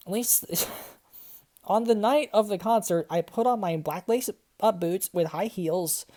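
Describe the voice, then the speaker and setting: A woman's voice: medium pitch, slow pace, mellow. A young woman, a graduate student, reads a story aloud and breaks off into exasperated, swearing commentary full of "like" and laughter. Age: young adult. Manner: exasperated, swearing, filler-heavy, frequent laughter. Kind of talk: comedic dramatic reading with commentary.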